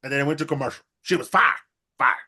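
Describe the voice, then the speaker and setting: Animated, bright-voiced man recapping wrestling. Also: fairly high pitch, fast, husky. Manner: animated, acts out quotes in exaggerated voices, profane. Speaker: podcast co-host recapping wrestling. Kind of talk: casual comedic chat.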